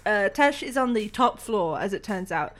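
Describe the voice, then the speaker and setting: A woman's voice: medium pitch, expressive, moderate pace, a bit bright. A woman narrating a tabletop game as game master, laughing often and putting on character voices. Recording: music faintly behind.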